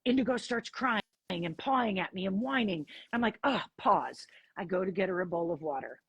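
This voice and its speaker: A woman guest on an interview podcast, telling a personal story in an animated way and acting out the dialogue. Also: medium pitch, brisk, slightly rough, dry recording. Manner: animated, acts out dialogue in her stories.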